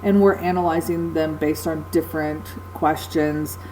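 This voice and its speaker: A woman's voice: low-pitched, fairly even intonation, a little slow, warm tone, a little hiss or hum, low-quality recording. A woman teacher giving a recorded lecture, explaining patiently with frequent ums and uhs.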